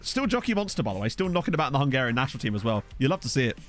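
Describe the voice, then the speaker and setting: A man's voice: medium pitch, very animated, rapid-fire, faint music behind. A man casually commentating a football management game on stream, chatting with viewers and laughing often. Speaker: gaming streamer. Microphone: USB desk microphone.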